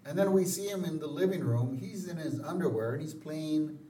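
A man co-hosting a podcast, recapping a cartoon episode in a lively way and jumping into character voices. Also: fairly high pitch, fairly quick. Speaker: podcast co-host. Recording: roomy, distant mic with faint background noise.

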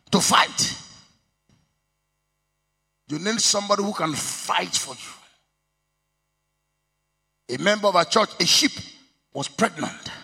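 Nigerian pastor, male, bright gravelly voice, sing-song sermon cadence with shouted peaks. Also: sits high. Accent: Nigerian, Yoruba. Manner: code-switching, bursts of shouting, sing-song emphasis. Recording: long reverb of a hall.

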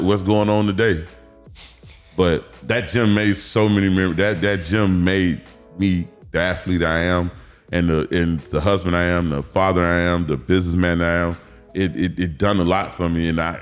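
A lowish-voiced man from Miami in his thirties, talking as a podcast guest. He tells long stories in a loose, animated way, acting out what people said and swearing freely. Faint music sits underneath. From Miami, Florida. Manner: animated, acts out quotes, profanity, repeats words. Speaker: podcast guest, former pro football player. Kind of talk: casual storytelling interview.

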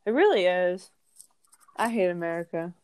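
A woman's voice: fairly low pitch, animated, moderate pace, a little mellow, clean tone, dry recording. A young woman in casual chat, telling stories with lots of fillers. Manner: chatty storytelling with many fillers.

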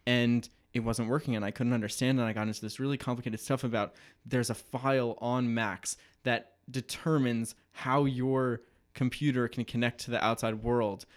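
Casting: teen male co-host, mid-pitched, wry, explains things in detail. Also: level tone, normal speed. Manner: joking, then explaining tech at length. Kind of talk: casual chat.

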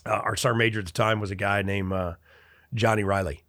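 Brief: forceful, lowish-voiced veteran in his forties, swaggering war-story teller, dry close sound. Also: brisk, dry recording. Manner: animated and profane, laughing as he talks. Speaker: podcast guest, military veteran. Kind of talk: casual storytelling.

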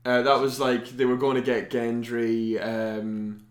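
A man's voice: medium pitch, completely flat delivery, unhurried. A man co-hosting a casual podcast, laid-back with dry jokes. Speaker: podcast co-host. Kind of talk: casual chat. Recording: echoey room.

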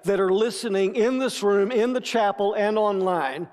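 A man preaching a sermon as pastor, deliberate and measured, with playful asides to the congregation. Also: high voice, a little mellow. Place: church sanctuary with long reverb. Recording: echoey church hall.

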